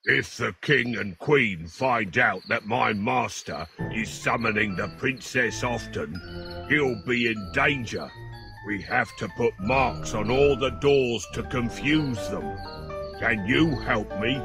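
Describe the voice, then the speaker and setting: A man's voice: mid-range voice, takes it slowly, creaky, music in the background. A man voicing a loyal, earnest magic dog in a cartoon fairy tale, growling now and then. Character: loyal magic dog helping his master.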